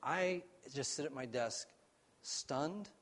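A pastor delivering a sermon in a slightly higher-than-usual male voice. He tells his story with earnest feeling, climbing to loud emphasis and then dropping to a near hush. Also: slow. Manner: earnest, swings between loud and hushed.

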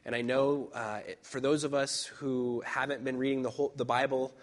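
Little pitch movement marks the mid-range voice of a man preaching as pastor. His delivery is personal and conversational, with thoughtful pauses and repeated lines for emphasis.

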